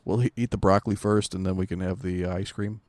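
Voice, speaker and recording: Lower-voiced man with teasing asides. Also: steady tone, quick pace, darkish tone, no room sound. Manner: teasing, dry jokey asides. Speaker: podcast co-host. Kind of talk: casual chat.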